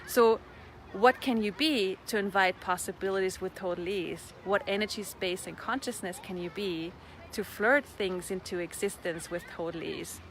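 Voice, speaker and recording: A woman giving a casual, playful motivational talk as a class facilitator, chatty and quick to laugh. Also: medium pitch, a little hiss or hum. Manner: playful, chatty, laughs often, repeats clearing phrases. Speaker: facilitator of a personal-development class.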